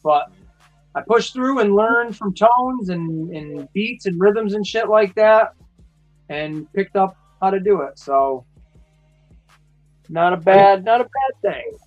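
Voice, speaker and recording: Brief: high-pitched man, crude joking stream host, dull lo-fi audio with faint music. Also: lively intonation. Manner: crude, joking, quick asides. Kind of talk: casual livestream chat.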